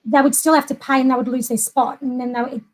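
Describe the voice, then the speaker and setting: A middle-aged Australian woman with a high-pitched voice chats casually. She rambles a little and leans on lots of fillers as she talks. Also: fairly even intonation, fast talker. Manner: chatty, rambling with many fillers. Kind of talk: casual chat.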